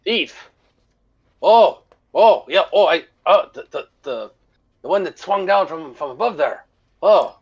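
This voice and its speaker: A man's voice: a little high, measured pace, long pauses, slightly rough, voice pushed up, full character voice. A man doing a stammering old fisherman. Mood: flustered. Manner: stammering, fussy and excitable. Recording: dull lo-fi sound.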